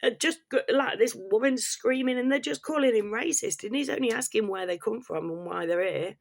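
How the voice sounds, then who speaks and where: A woman's voice: fairly high pitch, fairly quick, vocal fry, no room sound, studio quality. A woman from England, talking straight to camera in a blunt, heated rant full of swearing. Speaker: vlogger. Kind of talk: casual ranting monologue.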